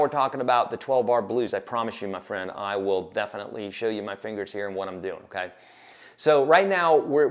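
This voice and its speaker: A man teaching guitar on a livestream, talking casually and encouragingly and counting beats aloud. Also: mid-range voice.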